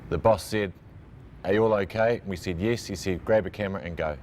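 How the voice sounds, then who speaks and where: NZ male cameraman, very low voice, brisk vivid recollection. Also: darkish tone, slight background noise. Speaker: news camera operator. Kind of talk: documentary interview recollection.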